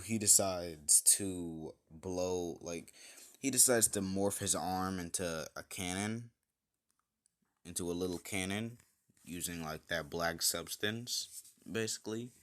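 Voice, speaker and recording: A man's voice: low-pitched, fairly bright tone. A man casually retelling an improvised fan story, rambling with many fillers and self-corrections.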